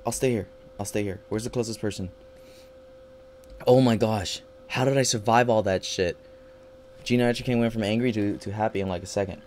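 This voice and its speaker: A man's voice: mid-range voice, fairly quick, darkish tone, slight background noise. A man giving live gameplay commentary, swearing constantly and swinging between panicked yelps and frustrated grumbling. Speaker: gaming channel host.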